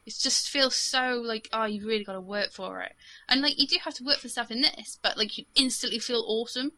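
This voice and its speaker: A young woman chats casually about games, rambling with fillers and laughing often. Her voice is a little high and very bright. It sounds close and dry, with no room around it. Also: brisk, dry recording. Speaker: podcast co-host. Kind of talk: casual gaming chat.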